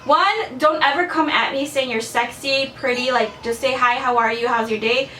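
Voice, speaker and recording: A woman's voice: high voice, moderate pace, sharp tone, slight background noise. A young woman vlogging to camera, telling a dating story in a blunt, chatty way, swearing freely and filling with "like". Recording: echoey room, a bit far from the mic.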